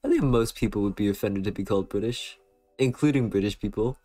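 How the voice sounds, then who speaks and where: Brief: young American guy, lowish voice, loose rambly stream chatter, faint music behind. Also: brisk, mellow. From western United States. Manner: rambling, filler-heavy, playful. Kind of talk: casual chat reading stream chat.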